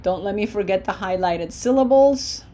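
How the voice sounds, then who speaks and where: A woman teaching Spanish verb endings, drilling each form slowly and encouraging her students. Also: medium pitch, dark tone. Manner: slow, deliberate drill pronunciation with encouraging asides. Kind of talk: language lesson.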